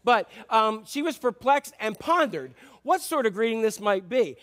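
A man's voice: high-pitched, normal speed, hardly any pauses, fairly bright tone. A male pastor giving a sermon in an informal, chatty way, full of fillers and joking asides.

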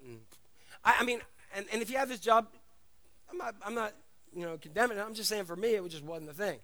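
A middle-aged pastor preaches with a high, bright voice. He tells stories in an animated way and drops casual asides to the congregation. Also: fast. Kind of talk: sermon.

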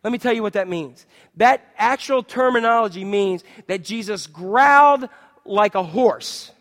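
A man preaching a sermon, swinging between loud, emphatic declarations and hushed, quiet passages. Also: high voice, a little slow, big-room sound. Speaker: pastor.

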